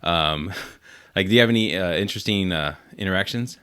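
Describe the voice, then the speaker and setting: Man, podcast host, casual interview, rambling questions, lots of ums, lowish voice. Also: brisk, bright, forceful tone, clear, resonant tone. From Puerto Rico. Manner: rambling questions with many fillers.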